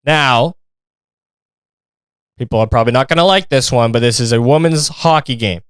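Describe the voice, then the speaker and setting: A man's voice: medium pitch, normal speed, a bit bright, clear, resonant tone, no room sound, studio quality. A man hosting a podcast, reacting to videos in a casual, profane and mocking rant. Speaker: podcast host.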